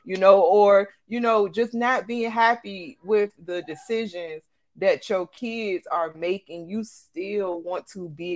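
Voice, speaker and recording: Woman podcast cohost, lively casual chat, acts out what people say. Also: mid-range voice. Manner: animated, acts out quotes, frequent laughs. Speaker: podcast co-host.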